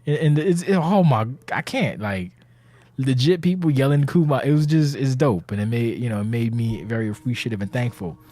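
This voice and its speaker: A man's voice: medium pitch, animated, a little fast, mellow, dry recording. Tired anxious guy rambling and swearing a lot, casual podcast talk, keeps cutting himself off. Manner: rambling, profane, self-interrupting. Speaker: community leader of an online wrestling game league. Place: indoors, seated.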